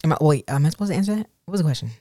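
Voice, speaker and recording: A woman's voice: deep voice, lively intonation, racing, dark tone, no echo, studio quality. A woman co-hosting a podcast with her husband, talking candidly and acting out quoted dialogue. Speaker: podcast co-host. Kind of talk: casual podcast chat.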